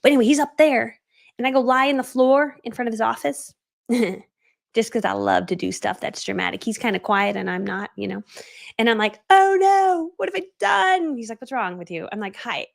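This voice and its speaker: A woman's voice: medium pitch, fairly even intonation, brisk, gravelly. A middle-aged woman coaching on a live stream, telling her story animatedly and acting out the voices of the people in it. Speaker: online business coach.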